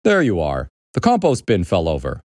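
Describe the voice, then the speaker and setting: A man's voice: low voice, wildly swooping pitch, normal speed, darkish tone, dry recording, studio quality, heavily acted. A man voicing a stern, annoyed middle-aged father giving clipped orders. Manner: clipped, commanding.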